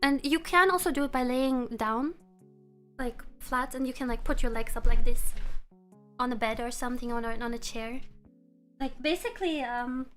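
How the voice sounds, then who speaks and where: A woman streamer chatting casually with her viewers. She is relaxed and laughs often. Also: sits high, normal speed, faint music behind. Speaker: live streamer. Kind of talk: casual live-stream chat. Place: room at home.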